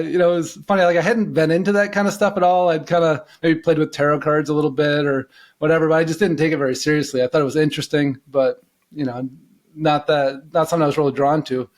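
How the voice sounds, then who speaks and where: A middle-aged man from the United States, a coach telling his life story as a podcast guest in a relaxed, rambling way, full of "you know" fillers. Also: on the high side. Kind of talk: casual storytelling in an interview.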